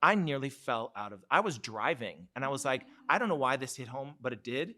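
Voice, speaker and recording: A man's voice: medium pitch, lively intonation, brisk, pushed and bright. A man from Seattle co-hosting a live podcast, telling personal stories in a self-mocking way and laughing easily. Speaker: co-host.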